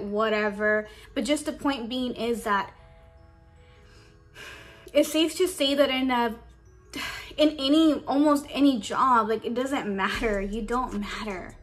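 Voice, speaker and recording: A woman's voice: fairly high pitch, a bit bright. A young woman vlogger telling her work story in casual chat, emotional and close to tears, saying "like" a lot. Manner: emotional, holding back tears. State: tearful. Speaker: beauty vlogger. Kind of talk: get-ready-with-me storytime.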